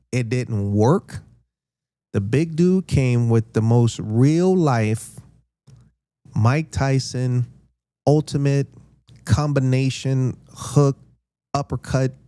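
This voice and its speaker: Slow, mellow-voiced man in his fifties. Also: medium pitch, clear, resonant tone, no echo. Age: 50s. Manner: laid-back, slangy, acts out quotes. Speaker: podcast host. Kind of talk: casual storytelling.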